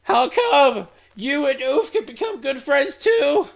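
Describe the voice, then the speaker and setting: A cheerful, clumsy schoolgirl voiced by a man going into falsetto who gushes and bounces all over her lines. Her voice swoops widely, and it stays high above his own. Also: very animated, slow, vocal fry, heavily acted. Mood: bubbly. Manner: bouncy and gushing. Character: bubbly, cheerful clumsy teen girl.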